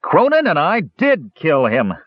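A man voicing a small, boastful, tipsy kender who talks loudly and indignantly, in a storybook reading. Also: huge pitch swings, measured pace, no room sound, highs cut off, full character voice. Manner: loud, indignant, high-pitched.

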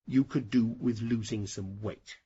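A man reading the lines of a firm, nagging housewife in a story, with a husky voice. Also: on the low side, steady tone, measured pace, warm tone, muffled recording. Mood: bossy. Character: bossy, practical housewife.

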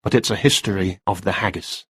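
A flustered, distracted writer, as a male narrator voices him in a storybook reading. He talks hesitantly in a lowish, dry voice. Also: brisk, fairly bright tone, slightly rough, no room sound, heavily acted.

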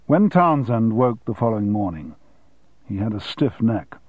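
Low, husky male audiobook narrator. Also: very animated, normal speed, darkish tone, no room sound. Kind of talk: scripted narration.

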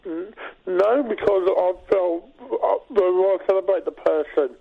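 High-voiced Birmingham man on air. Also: measured pace, creaky, breathy edge, narrow, tinny audio. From Birmingham, England. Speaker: radio co-host. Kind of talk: casual radio chat.

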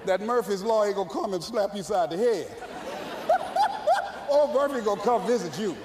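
Guy preaching motivation, super lively up and down voice, faint crowd laughing somewhere in the hall. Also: high-pitched, a little slow, noisy background. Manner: animated, punchy, folksy storytelling. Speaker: motivational speaker. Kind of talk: energetic storytelling speech to a live audience.

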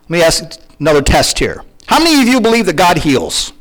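A middle-aged man preaching a sermon, asking the congregation questions in a conversational, animated way. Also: a little high, a little fast, low-quality recording. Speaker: pastor.

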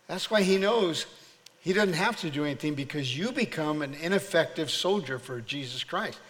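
A pastor preaches a sermon in a church sanctuary, exhorting his congregation in a preacherly call-and-response style. His voice is fairly high and fairly bright, with a little hiss or hum and the long reverb of a church hall.

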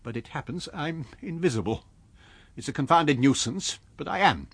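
An irritable invisible stranger , as a male narrator puts him on, protests loudly and with a lively lift in pitch. The storybook voice has a slightly husky edge and sounds close and dry. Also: moderate pace, dry recording, full character voice. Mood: indignant. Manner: sharp, exasperated protests. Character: irritable, indignant invisible man.

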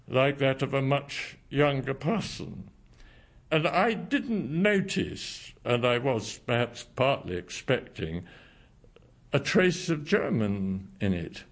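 A male historian answering interview questions in a thoughtful, hesitant way. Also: mid-range voice.

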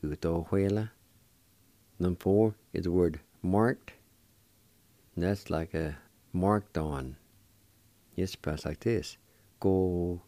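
Slow, deep-voiced man teaching pronunciation. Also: dark tone, no room sound. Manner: patient, spells words out letter by letter; repeats each pronunciation slowly. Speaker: radio host teaching vocabulary. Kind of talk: language lesson.

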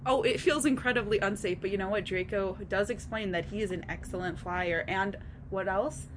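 A woman's voice: medium pitch, normal speed, noisy background. A young woman in casual chat, giggling and swearing as she retells a fan fiction story.

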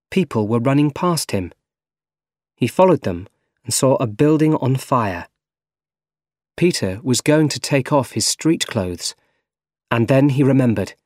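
Slow, measured male storyteller. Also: medium pitch, darkish tone, dry recording, studio quality. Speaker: narrator. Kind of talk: scripted story reading for learners.

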